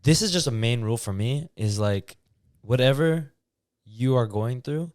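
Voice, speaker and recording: A man's voice: mid-range voice, normal speed, dry recording, studio quality. A young man co-hosting a podcast, talking casually and rambling with lots of fillers. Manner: relaxed, rambling, many fillers. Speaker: podcast co-host. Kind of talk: casual chat.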